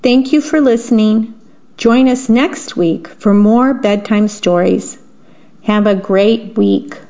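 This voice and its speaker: A woman reads a bedtime story aloud for a radio broadcast, gentle and steady. Her voice sits a little high. The recording is dull and lo-fi. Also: takes it slowly. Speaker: volunteer radio reader.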